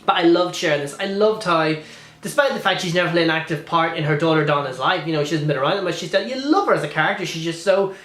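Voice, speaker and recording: A man's voice: a little high, fast talker, fairly bright tone, echoey room. A man reviewing a film in a casual vlog, gushing and rambling with many restarts and fillers.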